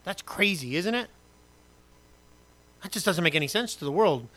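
A man preaching a sermon, reading scripture and acting out voices with humor and lively asides. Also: high-pitched, moderate pace. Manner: animated, acts out quotes and asides with humor. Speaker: pastor.

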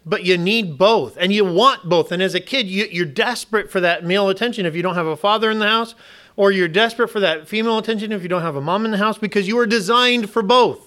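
A man's voice: high-pitched, fast, pushed and bright. A man preaching a sermon, emphatic and questioning the congregation, often restarting and repeating words.

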